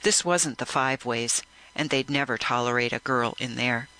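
A man narrating a first-person audiobook in a measured, reflective way. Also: medium pitch, bright, forceful tone, low-quality recording.

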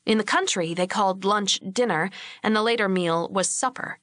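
A woman narrates a novel with steady, expressive storytelling at a middle pitch. The recording is dry and close, with no room sound. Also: normal speed, dry recording. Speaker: audiobook narrator. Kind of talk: scripted narration.

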